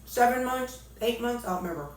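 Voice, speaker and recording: An animated Missouri woman with a fairly high pitch speaks a little quickly in a roomy-sounding space. A weight-loss vlogger, she keeps up casual, folksy jokes while chewing, talking with her mouth full.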